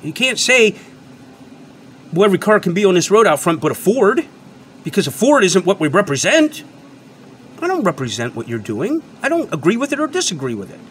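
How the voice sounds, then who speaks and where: Guy ranting on his channel, high voice jumping all over, repeats himself a lot, swears, bit of ac hum. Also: very animated, fairly quick, a bit bright. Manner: emphatic, repetitive, lecturing, swears freely. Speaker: channel host and product reviewer. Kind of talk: unscripted ranting monologue.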